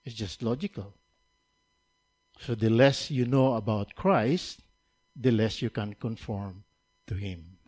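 Man preaching, measured then emphatic. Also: lowish voice, husky. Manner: builds from quiet, measured teaching to raised, emphatic preaching; repeats key lines for emphasis. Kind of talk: sermon.

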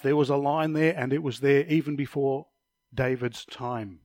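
A man's voice: on the high side, darkish tone, no room sound. A man teaching a Bible study lesson, explaining passages step by step and referring to slides, sometimes stumbling over a word.

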